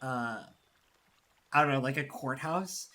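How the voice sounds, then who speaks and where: A woman's voice: very deep voice, unhurried, a bit bright. Giggly, rambling woman streamer. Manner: giggly, rambling, swears freely. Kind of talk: casual game-stream commentary.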